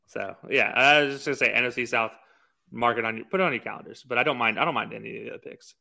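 A young man co-hosting a sports podcast, relaxed and jokey, with plenty of "uh" and "you know" between his thoughts. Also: medium pitch, racing, creaky. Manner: laid-back, filler-heavy, jokey. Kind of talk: casual sports chat with ad reads.

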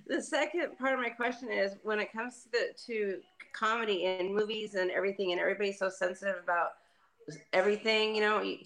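A woman's voice: medium pitch, a little fast, a bit bright. A woman calling in to a podcast, chatty and friendly as she asks her questions. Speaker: caller.

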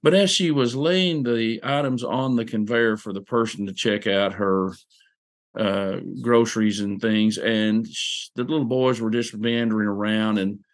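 Oklahoma guy telling a story, low voice, slow and folksy with lots of uhs. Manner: unhurried, folksy, with fillers and restarts. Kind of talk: personal storytelling.

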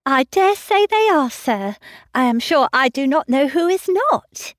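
A woman's voice: high voice, big pitch swings, unhurried, no echo, studio quality, voice pushed up. A woman voicing a shy, deferential young woman who answers politely and eagerly.

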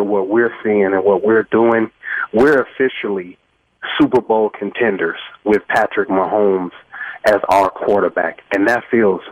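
A man's voice: on the low side, no echo, dull audio. A man in his thirties from Los Angeles calling in to a sports talk show, heartfelt and rambling with fillers. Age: 30s. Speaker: caller. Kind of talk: emotional fan call-in.

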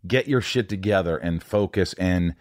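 A man's voice: low-pitched, normal speed, dry recording, studio quality. A man hosting a podcast in casual interview chat, swearing freely and acting out voices when he tells stories. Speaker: podcast host.

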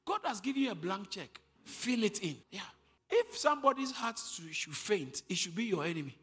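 Male preacher, high animated voice, long hall reverb; quiet teaching that rises to shouted declarations. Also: brisk. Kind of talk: sermon.

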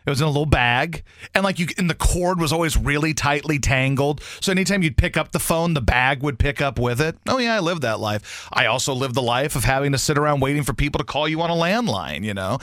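Guy filling in on sports radio, ranting and swinging his voice all over, pretty high, dry close mic. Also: fast, no room sound. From grew up in Baton Rouge, Louisiana. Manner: animated, ranting, mocks fans in high squeaky put-on voices. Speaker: radio fill-in host. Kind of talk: sports talk radio rant. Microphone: studio microphone.

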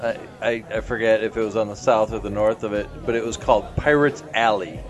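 A man's voice: fairly low pitch, steady tone, brisk. A man in casual podcast chat who rambles through stories and laughs often.

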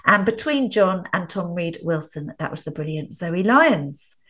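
A woman's voice: fairly low pitch, lively intonation, a little slow, a bit bright. A woman hosting a comedy show, introducing guests and linking segments. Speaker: host. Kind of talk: radio presenting.

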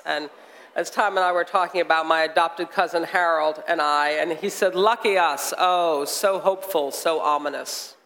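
An American author, a man, reading a passage aloud with measured, wry storytelling, then chatting onstage. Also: on the high side, bright, forceful tone. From United States. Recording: long hall reverb.

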